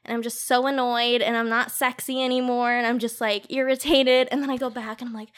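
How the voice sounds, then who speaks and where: Giggly high-voiced young woman. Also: little pitch movement, brisk, clear, resonant tone. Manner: giggly, storytelling with lots of "like". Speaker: guest, cam model. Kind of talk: casual podcast chat.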